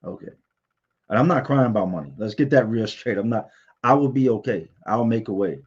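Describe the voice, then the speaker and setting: A man's voice: lowish voice, animated, a little fast, slightly rough, highs cut off. A man hosting a casual livestream, candidly telling personal stories and answering viewer comments. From Virginia, US.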